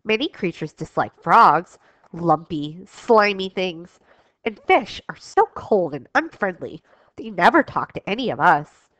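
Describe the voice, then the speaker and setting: A woman's voice: on the low side, sing-song, a little slow, a bit bright, no room sound, full character voice. A woman doing a stubborn older rabbit. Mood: dismissive. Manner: dismissive, reassuring. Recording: dull lo-fi recording.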